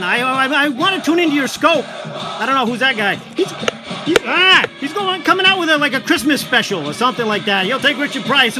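A man chatting loudly and rambling to live-stream viewers as he shows off collectibles for sale. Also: very high-pitched. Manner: loud, rambling, talks to viewers while showing items. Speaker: livestream seller of collectibles. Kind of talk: casual live-stream chat. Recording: music playing behind. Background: background music.

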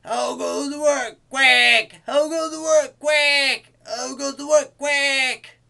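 A man voicing a tired, overworked farmyard duck in a storybook tale, crying out in high, loud quacks. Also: fairly even intonation, slow pace, creaky, heavily acted. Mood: fed up.

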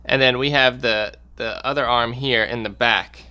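A man's voice: medium pitch, steady tone, moderate pace, sharp tone, slight background noise. A man hosting a repair channel, talking casually through a how-to, plain-spoken and repeating warnings for emphasis. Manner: plain-spoken, walks through steps while pointing things out.

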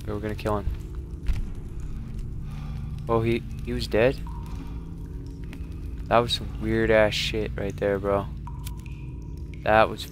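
A man streaming a survival game, commenting live as he plays, cursing often and jumping from low muttering to panicked yelling. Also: flat delivery, slow pace, long pauses, noisy background. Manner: swears a lot, swings from muttering to panicked yelling.

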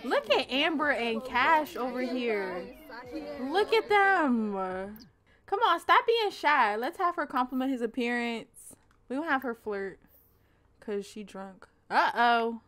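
A woman's voice: high-pitched, lively intonation, slow, crowd noise. A woman in her twenties giving playful, slangy, profane let's-play commentary as a channel host.

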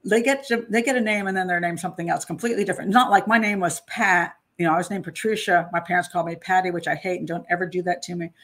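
A woman's voice: fairly low pitch, steady tone, quick pace, hardly any pauses, fairly bright tone. A woman hosting a casual true crime commentary, talking in a chatty, digressive way, frank and opinionated, often laughing.

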